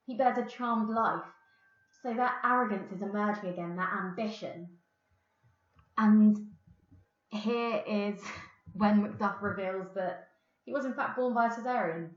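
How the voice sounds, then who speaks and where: A woman with an English accent teaching a recorded English literature lesson, explaining a play and reading quotations plainly. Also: medium pitch. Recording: roomy, dull lo-fi sound.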